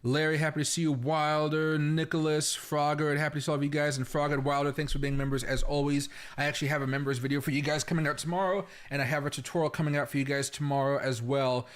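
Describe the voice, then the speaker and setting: A man's voice: a little high, flat delivery, fast talker, few pauses. Chatty man hosting a crypto livestream. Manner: chatty, rambling, talks straight to viewers. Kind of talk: casual livestream commentary. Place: home.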